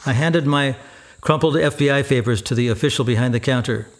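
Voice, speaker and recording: A man narrating a first-person memoir in a steady, even storytelling manner. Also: medium pitch, fairly quick.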